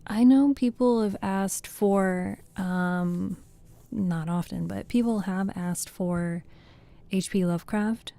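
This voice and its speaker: Slow, dark-toned woman reading softly. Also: mid-range voice. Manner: soft-spoken, rambling between readings. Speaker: storytelling streamer. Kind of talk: soft bedtime reading and chat.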